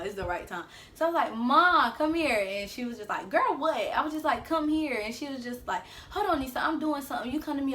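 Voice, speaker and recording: A woman's voice: medium pitch, a bit bright, a little hiss or hum. A young woman from the American South telling a personal story casually into her phone in her bedroom, chatting to viewers and acting out quotes. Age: young adult. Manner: chatty, addresses viewers as y'all, acts out quotes. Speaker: vlogger.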